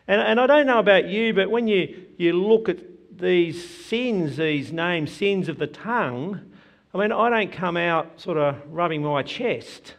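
Earnest preacher guy, kinda high voice, takes his time with every line. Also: lively intonation, gravelly. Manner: earnest, measured preaching with emphatic quoted scripture. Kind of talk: sermon.

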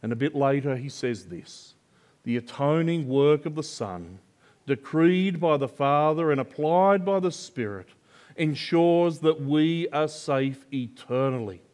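An older man preaching a sermon, slow and earnest, building to emphatic swells of conviction. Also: a little high, animated, darkish tone. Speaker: pastor.

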